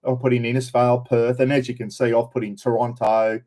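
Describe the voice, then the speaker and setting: A man's voice: medium pitch, level tone, a little fast, darkish tone. An older Australian man hosting a casual live stream, chatting and greeting viewers by name.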